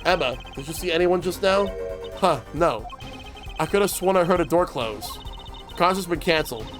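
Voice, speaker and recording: A man's voice: on the high side, animated, moderate pace, over music. A man streaming a courtroom video game, reading the protagonist's lines and his own thoughts aloud in a plain, earnest way.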